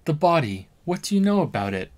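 A man's voice: fairly high pitch, very animated, brisk, darkish tone. A man in the middle of a let's-play stream, alternating between reading on-screen dialogue and musing aloud. His commentary is dry and casual, full of self-corrections and half-finished thoughts. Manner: wry, thinks aloud with frequent restarts. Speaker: streamer playing a game.

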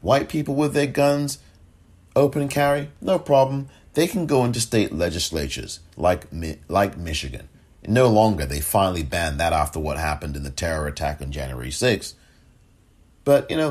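A man hosts a political podcast, delivering impassioned, indignant solo commentary in a low, slightly rough voice. He mocks the people he discusses, even impersonating them.

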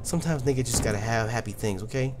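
A man hosting a let's play, commenting loudly and profanely, often yelling at the game. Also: medium pitch, fast, very noisy. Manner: loud, profane, excitable, yells at the game. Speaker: gaming channel host.

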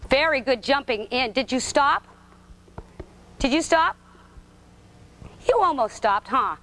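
A woman with a high voice leads a preschool gymnastics class indoors. She gives short, sing-song, encouraging directions. Faint background noise sits behind her. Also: lively intonation, takes it slowly, pushed and bright. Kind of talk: coaching young children in class. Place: indoor gym.

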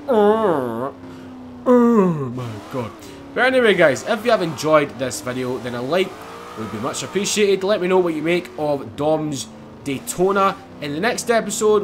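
A young man giving excitable, casual commentary over his racing game, swearing and laughing as he drives. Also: medium pitch, a little hiss or hum. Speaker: gaming YouTuber. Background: game music and car engines.

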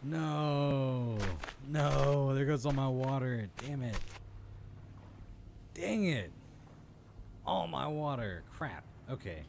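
An excitable man narrates his own gameplay in a chatty, running monologue, his pitch leaping up and down as he reacts. Loud steady noise and clicking sit behind his voice. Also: slow pace, creaky, long pauses. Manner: chatty, excitable, talks to himself. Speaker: gaming video host. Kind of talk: let's play commentary.

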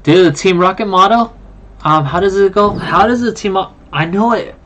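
A card game streamer chatting casually on a live stream, excitable and quick to apologize to viewers. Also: medium pitch, dull audio, a little hiss or hum. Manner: excitable, apologetic, talks to chat.

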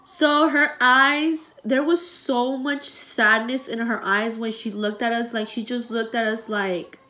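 A woman's voice: a little high, measured pace, bright, forceful tone. A young woman vlogging, telling a personal story in a rambling, emotional way with many fillers, close to tears.

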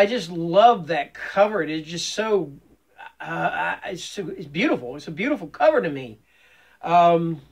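A man's voice: high-pitched, a bit bright. A man making a casual book tag video, rambling and correcting himself with lots of fillers, gushing about books he loves. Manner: enthusiastic. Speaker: booktube vlogger.

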